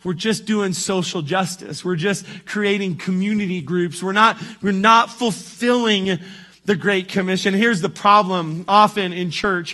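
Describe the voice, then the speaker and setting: A man's voice: high-pitched, sharp tone. A man pastor preaching a sermon in a conversational way, often checking in with "right?" and restarting his sentences.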